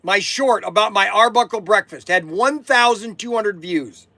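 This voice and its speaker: Excitable rambling man in his 60s. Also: high-pitched, normal speed, no echo. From Ohio, USA. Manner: excitable, rambling, repeats himself. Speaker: toy shop host. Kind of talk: rambling live-stream chat.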